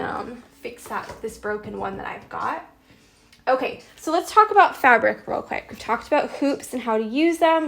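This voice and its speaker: A woman's voice: on the high side, gravelly, fairly bright tone. A young woman giving a chatty, upbeat embroidery tutorial, explaining step by step. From Canada. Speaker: embroidery teacher. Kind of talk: casual crafting tutorial.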